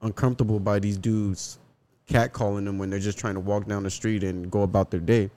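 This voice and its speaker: A man's voice: fairly low pitch, steady tone, a little fast, warm tone. A man co-hosting a casual podcast, speaking in a laid-back, slangy way. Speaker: podcast co-host.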